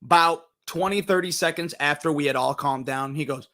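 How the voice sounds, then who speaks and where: A young man hosting a casual movie review stream, telling stories animatedly and swearing freely. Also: fairly quick. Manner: animated storytelling, swears freely, jumps in pitch acting out quotes.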